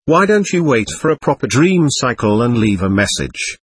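A man reading a gentle, probing therapist. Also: medium pitch, sing-song, normal speed, husky, dry recording. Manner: gentle, questioning. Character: gentle, probing male hypnotherapist.

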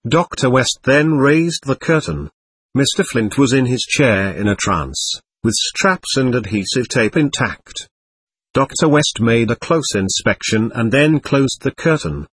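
A man reading a first-person account aloud as narrator, steady and matter-of-fact. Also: mid-range voice, measured pace, husky.

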